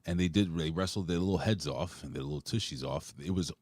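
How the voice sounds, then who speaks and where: A very low-voiced man hosts a laid-back live review show, rambling through recaps and swearing freely. His voice sits close and dry, with no room around it. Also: fast, a little mellow, no room sound. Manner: loose, profane, rambling recaps. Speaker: host of a wrestling review show. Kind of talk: casual live-stream chat.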